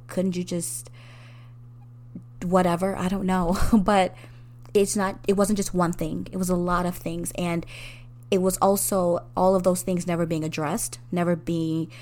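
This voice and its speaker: A woman hosting a podcast, talking earnestly and openly to her listeners about hard times, often with a soft laugh and rising emphasis. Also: on the low side, little pitch movement, normal speed. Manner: speaks directly to the listener. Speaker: podcast host. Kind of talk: personal reflective monologue.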